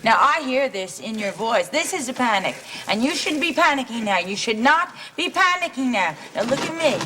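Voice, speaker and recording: Jittery, lecturing soap survivor, high and all over the place, hissy TV audio. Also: female voice, normal speed. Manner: jittery, lecturing, swings from calm to panic. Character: fussy, nervous survivor insisting on calm. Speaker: fellow trapped survivor. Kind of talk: 1970s soap opera acting. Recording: hissy old TV soundtrack.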